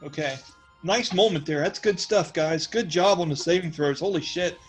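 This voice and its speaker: رجل بصوت مرتفع يدير لعبة أدوار. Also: male voice, on the high side, normal speed, faint music behind, low-quality recording. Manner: loose and joking, with frequent fillers. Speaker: game master. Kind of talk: narrating a tabletop game.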